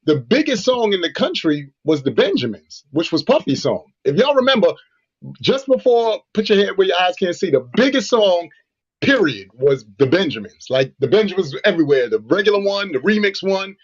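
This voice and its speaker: A man's voice: high-pitched, big pitch swings, normal speed, husky, highs cut off. A man co-hosting a radio show, telling a story animatedly with lots of "you know" fillers. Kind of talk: casual radio chat, storytelling.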